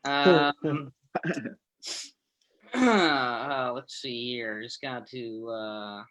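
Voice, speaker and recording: A man doing a stand-up comedy set, halting and self-amused, with many restarts. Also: medium pitch, a bit bright, low-quality recording.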